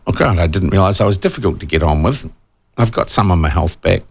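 A man's voice: low-pitched, expressive, fast, gravelly, breathy edge. A man in his sixties with a New Zealand accent, hosting talkback radio and reading out texts, indignant and emphatic as he gets worked up. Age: 60s. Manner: indignant, emphatic, growing heated. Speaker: talk radio host. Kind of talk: opinionated talkback radio monologue.

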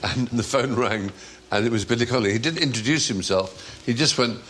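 A man's voice: medium pitch, brisk, a bit bright, slight background noise. A man on a panel show telling comic anecdotes, articulate and playful.

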